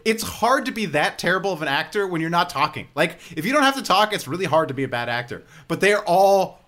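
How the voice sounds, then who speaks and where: Lively, bright-voiced podcast host. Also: male voice, high-pitched, fast. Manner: lively storyteller, laughs mid-sentence. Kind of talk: casual chat.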